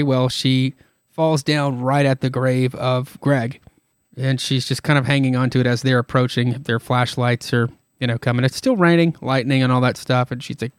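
A man's voice: medium pitch, clear, resonant tone, no room sound, clean studio sound. Rambling casual man with tired throat. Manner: rambling, irreverent, many fillers. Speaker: podcast host. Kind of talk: casual comic-book retelling.

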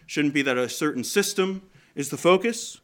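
Casting: man, slightly high, bright clear tone, conversational church sermon with questions to the room. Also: lively intonation, normal speed. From Canada. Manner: conversational, asks the congregation questions. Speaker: preacher.

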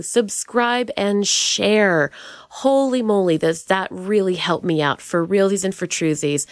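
A woman's voice: mid-range voice, dry recording, clean studio sound. A woman hosting her podcast, chatting casually with bubbly, playful energy and goofy asides. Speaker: podcast host.

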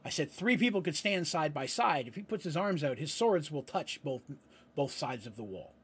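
A man's voice: on the high side, expressive, normal speed, breathy edge. A man acting as game master, narrating a tabletop fantasy battle with explanatory asides and frequent checks of "right?".

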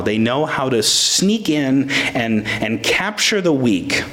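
A man's voice: medium pitch, very animated, slow, bright, forceful tone, slight background noise. A man preaching a sermon to a congregation, emphatic, asking rhetorical questions and restarting words as he searches for them. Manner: addresses congregation members by name. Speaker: pastor.

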